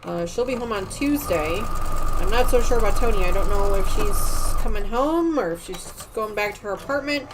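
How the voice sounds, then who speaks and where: Middle-aged woman, quilting stream host, casual rambling chat, mid-pitched, faint hiss behind. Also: normal speed. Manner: chatty and rambling, trails off into quiet muttering while working. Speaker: sewing livestream host.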